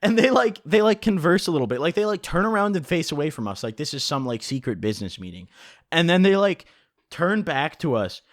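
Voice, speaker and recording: A young man tells a story for his vlog with animated, profane humor. His pitch is a bit high and swings a lot from line to line. The sound is dry and close to the mic. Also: a little fast, no room sound. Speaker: vlogger.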